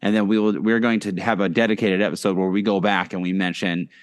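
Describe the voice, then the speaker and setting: A man's voice: sits low, level tone, quick pace. A man co-hosting a casual podcast, talking loosely with many fillers and restarts. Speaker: podcast co-host.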